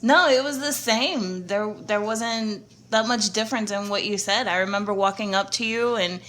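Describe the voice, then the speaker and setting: A woman's voice: mid-range voice, normal speed, a bit bright. A woman co-hosting a podcast, recalling memories in casual, teasing chat. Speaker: podcast co-host.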